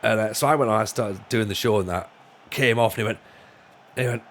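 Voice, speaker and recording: A man's voice: on the low side, a little fast, a bit bright, slight background noise. A man chatting casually on a live stream while gaming, rambling and joking with lots of restarts. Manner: rambling, jokey, full of restarts and laughs. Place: home room.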